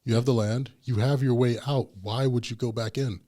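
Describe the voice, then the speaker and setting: A man at a medium pitch tells a long story in casual chat. He talks in an animated way and acts out each voice he quotes, then steps back to drive his point home. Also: moderate pace. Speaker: podcast host.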